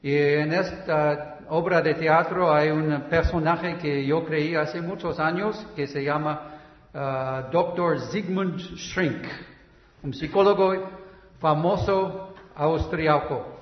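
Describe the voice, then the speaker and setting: A man's voice: a little high, steady tone, unhurried. A man with a Midwestern American accent introducing a church skit in an explanatory tone. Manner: explanatory, inviting. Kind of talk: bilingual sermon introduction. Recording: echoey hall, dull sound.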